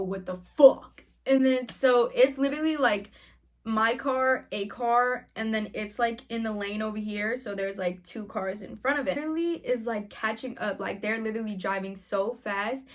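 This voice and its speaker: A young woman vlogger telling a story in a casual, animated way, full of slang and swearing. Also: a little high, moderate pace.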